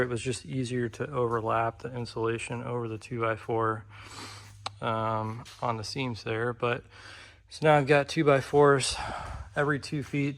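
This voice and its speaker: A man casually walking through his own barn insulation project, talking in a relaxed, rambling way with frequent ums and restarts. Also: mid-range voice. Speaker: DIY vlogger. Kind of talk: casual walkthrough narration. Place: pole barn workshop.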